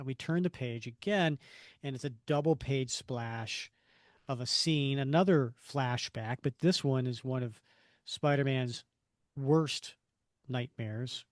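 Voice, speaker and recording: A man co-hosts a casual podcast and walks through a comic book story at an unhurried pace. His voice sits close and dry, with no room sound around it. He drops his voice low when he quotes the characters. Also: dry recording. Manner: retells the story with quoted lines in a lowered voice. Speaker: podcast co-host.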